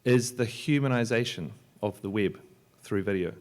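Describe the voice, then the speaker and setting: A man, a software entrepreneur and filmmaker, giving a loose, joking talk on a library panel, with many restarts and fillers. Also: fairly low pitch, moderate pace. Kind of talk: conference talk. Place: lecture hall at a library.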